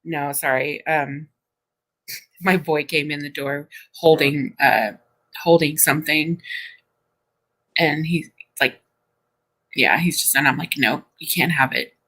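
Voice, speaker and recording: Bright-toned rambling woman host. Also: low-pitched, fairly even intonation, slow, pauses often, poor audio. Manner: rambling, restarts sentences. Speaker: stream host. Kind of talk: casual chat.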